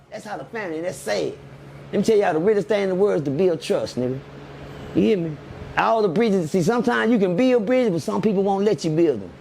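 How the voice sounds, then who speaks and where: A middle-aged man, telling stories in an animated, preachy way and repeating lines for emphasis. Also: high-pitched, fast talker, gravelly, a little hiss or hum. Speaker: podcast guest. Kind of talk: casual storytelling chat.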